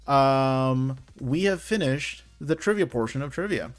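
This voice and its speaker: A man's voice: medium pitch, expressive, unhurried, faint music behind. A man hosting an online trivia night, reading out answers in a chatty, rambling way and correcting himself as he goes. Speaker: trivia quiz host. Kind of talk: casual live quiz hosting.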